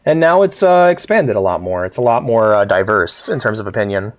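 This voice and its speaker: Sick game streamer, lively swoopy voice, coughs, yelps at the screen. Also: medium pitch, brisk. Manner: animated, yelps and shouts at the game character. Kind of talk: casual live gameplay commentary.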